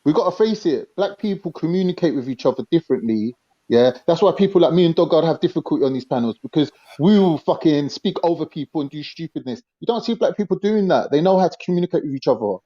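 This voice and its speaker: A man in his forties argues bluntly on an online panel, his speech full of street slang and quick jabs. His voice is somewhat high and dark-toned, and it comes through dull, lo-fi call audio. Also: expressive. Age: 40s. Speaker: panel guest. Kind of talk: heated online panel debate.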